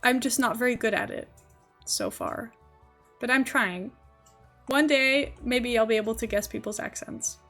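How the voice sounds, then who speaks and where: A woman's voice: a little high, lively intonation, normal speed, a bit bright, soft background music. A young woman with a posh English accent, chatting casually and giggling as she streams a game. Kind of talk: casual live-stream chat while gaming.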